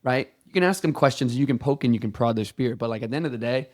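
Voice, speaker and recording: A man co-hosting a podcast, talking in a relaxed, thoughtful way and quick to agree. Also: medium pitch. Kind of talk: casual chat.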